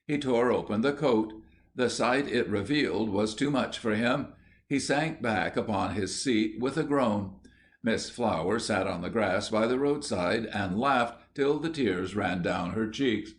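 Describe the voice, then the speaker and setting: A man narrating an audiobook in a measured storytelling manner. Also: on the low side. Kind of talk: scripted narration.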